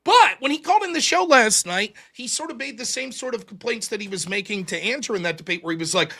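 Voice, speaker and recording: High, bright-voiced ranting man. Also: lively intonation, quick pace. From United States. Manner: profane, ranting, mocking voices. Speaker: host. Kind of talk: casual call-in show chat.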